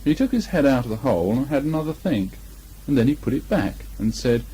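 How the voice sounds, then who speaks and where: A man reading a children's story aloud in lively, expressive narration, on a muffled old tape. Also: mid-range voice, brisk, breathy edge.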